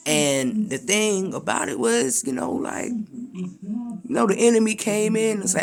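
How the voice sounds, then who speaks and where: A man gives a relaxed, slangy talk of encouragement, peppered with asides to his listeners. He speaks slowly, and his voice has a gravelly, fry-laden texture. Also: high-pitched, crowd noise. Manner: slangy, conversational, repetitive fillers. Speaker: preacher.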